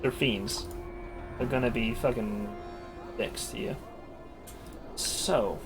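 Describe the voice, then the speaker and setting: A man's voice: mid-range voice, slow pace, music in the background. A man streaming a video game, chatting casually, thinking aloud, swearing freely and reading on-screen text aloud.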